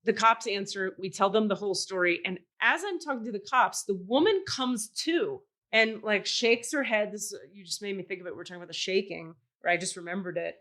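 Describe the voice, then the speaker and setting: A woman hosting a podcast, telling a story in casual chat, animated and swearing, acting out the voices of people she quotes. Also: mid-range voice, brisk, hardly any pauses. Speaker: podcast host.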